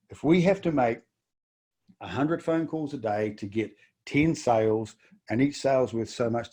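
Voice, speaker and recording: A man's voice: medium pitch, mellow. A middle-aged man with a New Zealand accent, a business coach giving a webinar, emphatic and full of rhetorical questions. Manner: emphatic, repeats words and fires off rhetorical questions. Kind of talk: webinar presentation.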